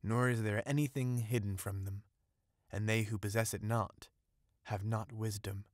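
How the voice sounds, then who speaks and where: A solemn old-world temple priest , voiced by a male reader, speaks in a low, hushed hum. Each word is measured and calm, close and dry with no room around it. The tone stays grave and mysterious from line to line. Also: no echo, lightly acted.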